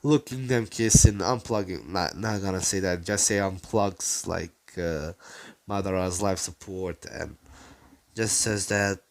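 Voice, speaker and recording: A man's voice: low voice, measured pace, a little mellow, a little hiss or hum. A man casually telling a fan-made story, rambling and profane. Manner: rambling, profane, full of fillers.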